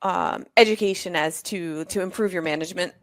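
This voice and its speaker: A woman hosting a podcast interview, chatty and quick to laugh, asking long rambling questions. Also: lowish voice, no room sound. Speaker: podcast host. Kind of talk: conversational interview.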